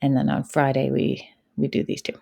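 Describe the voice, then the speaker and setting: A woman teacher explains her online lessons step by step in a chatty tutorial. Her voice sits low and mellow with a gravelly edge. The sound is dry and close, as if recorded at a home computer. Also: steady tone, normal speed, no room sound. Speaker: kindergarten teacher. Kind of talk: tutorial walkthrough.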